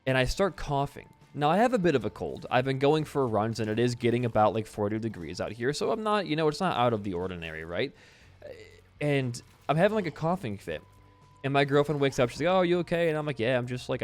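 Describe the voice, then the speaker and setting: A young man of ordinary pitch, chatting loosely as he plays a game and tells a long story. He rambles, restarts and swears casually. Faint game music sits under his voice. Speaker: gaming video host. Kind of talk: casual let's-play commentary mixed with storytelling.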